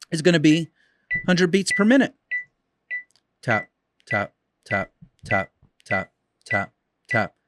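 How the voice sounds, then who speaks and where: A man's voice: high voice, a little hiss or hum. A man teaching as a dog trainer in an instructional video, talking emphatically and repeating key points.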